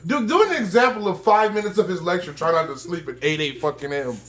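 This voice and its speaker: A young man co-hosting a podcast in casual chat. His pitch swoops up and down constantly, and he talks in a profane, joking, animated way as he tells stories. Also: quick pace. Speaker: podcast co-host.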